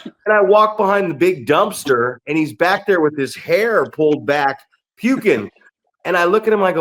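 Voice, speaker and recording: Slightly high-voiced middle-aged wrestler host. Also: male voice, lively intonation, normal speed, fairly bright tone. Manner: profane, storytelling, asks questions. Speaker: podcast host and veteran wrestler. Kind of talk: casual podcast chat.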